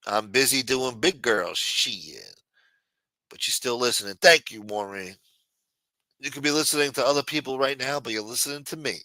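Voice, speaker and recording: A man's voice: medium pitch, lively intonation, moderate pace, pushed and bright, no room sound. A man hosting a late-night livestream, chatting loosely and profanely while answering viewers in the chat. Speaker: livestream host.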